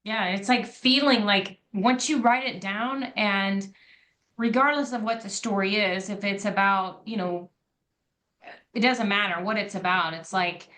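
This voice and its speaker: A woman hosts a podcast in a relaxed, chatty way. Her voice sits at an average pitch, and she talks earnestly, leaning on "like" and "you know" as she thinks aloud. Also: a little slow. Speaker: podcast host. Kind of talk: casual conversation.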